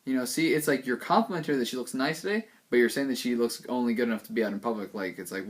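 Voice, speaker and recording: A man's voice: medium pitch, animated, fast. A young man giving dating advice in a loose, joking monologue full of filler words.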